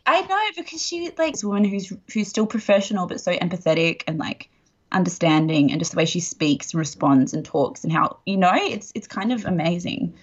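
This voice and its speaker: Husky low-voiced woman podcast co-host. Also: very animated, fairly quick, lo-fi sound. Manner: chatty, gushing, lots of fillers. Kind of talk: casual chat.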